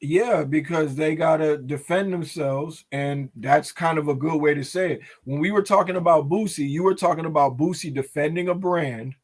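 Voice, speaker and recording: A man hosting a casual hip-hop news talk show, his voice sitting a little high for a man. He rambles loosely through the news, circling back with restarts and fillers. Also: moderate pace, hardly any pauses. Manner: loose, talkative, hesitant with restarts. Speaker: show host.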